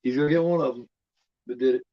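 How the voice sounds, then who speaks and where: Casual male horror watch-along host, swears a lot and rambles excitably, mid-pitched voice, dry lo-fi sound. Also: fast talker, no room sound. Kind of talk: casual live movie commentary. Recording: dull lo-fi home recording.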